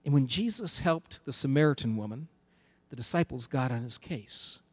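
A man's voice: mid-range voice, lively intonation, moderate pace, breathy edge. A man preaching a sermon with an emphatic, repetitive cadence.

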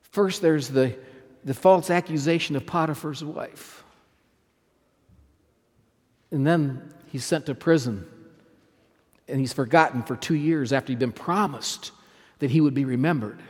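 A man's voice: a little high, unhurried, long pauses, darkish tone, breathy edge. Emphatic male pastor in a reverberant hall. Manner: emphatic, asks the listeners questions, repeats phrases. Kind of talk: sermon.

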